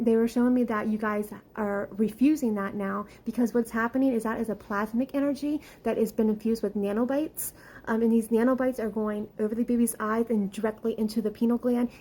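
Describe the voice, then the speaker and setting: A woman talks through her spiritual visions in a casual, meandering way, leaning on fillers as she goes. Her voice sits a little high yet sounds mellow and soft. She speaks with heartfelt earnestness and is at times near tears. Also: low-quality recording. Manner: rambling, earnest, many fillers; emotional, close to tears at times. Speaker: spiritual channel.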